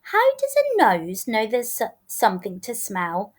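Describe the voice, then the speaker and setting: A woman's voice: on the high side, huge pitch swings, measured pace, exaggerated voice. A woman voicing a curious little girl scientist in a storybook, asking eager questions. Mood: puzzled.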